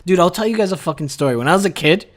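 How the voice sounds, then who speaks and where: A man's voice: high voice, lively intonation, rapid-fire. A young man hosting a comedy video, ranting in a brash, crude, mock-boastful way. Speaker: comedy vlogger. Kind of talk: profane comedic rant.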